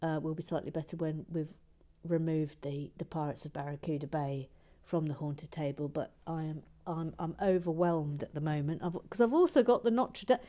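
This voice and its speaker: A livestream host with a deep voice chats casually while she builds and reads viewer messages aloud, talking at normal speed with few pauses and fairly even intonation. She's chatty and self-deprecating, full of restarts, and often drops into soft, whispered asides.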